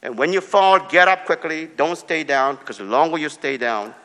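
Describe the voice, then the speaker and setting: A man from Korea preaching a sermon, repeating short commands and swinging between soft and loud delivery. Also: on the high side, normal speed, big-room sound. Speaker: pastor.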